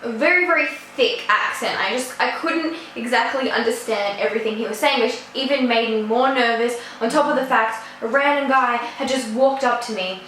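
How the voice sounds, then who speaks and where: A woman's voice: on the high side, normal speed, few pauses, fairly bright tone, faint music behind. A teenage girl, telling a story in a chatty, rambling way full of fillers. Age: teens. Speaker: vlogger. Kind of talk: casual storytime. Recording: echoey room.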